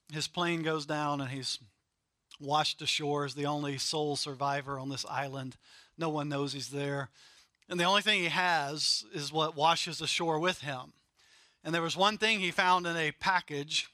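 A male pastor with a high, bright, forceful voice preaches with emphatic repetition. His delivery swells and then drops back to quieter, earnest stretches. The sound is close and dry, with no room echo. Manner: emphatic, repetitive preaching with rising and falling intensity. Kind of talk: sermon.

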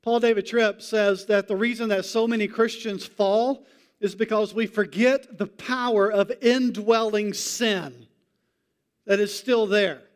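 A man preaching a sermon in a conversational way, slowing down to stress key points. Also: sits high. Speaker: pastor.

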